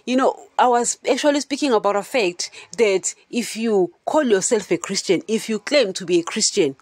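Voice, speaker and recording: A woman's voice: mid-range voice, a little mellow, no echo. A woman hosting a Christian podcast, teaching in a casual, chatty way and often asking her listeners if they understand. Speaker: podcast host.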